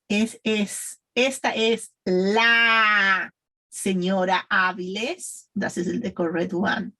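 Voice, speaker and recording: A woman's voice: medium pitch, breathy edge, rough recording. A woman whose first language is Spanish, teaching a beginner Spanish lesson in English, patiently repeating and modeling phrases for learners. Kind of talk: slow guided language lesson.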